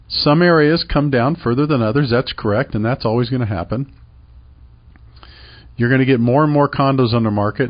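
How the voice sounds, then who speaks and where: Middle-aged man, emphatic radio host, rhetorical questions, medium pitch, slightly dull radio audio. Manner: emphatic and persuasive, repeats points, asks rhetorical questions. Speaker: radio show host and real estate professional. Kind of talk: call-to-action radio talk.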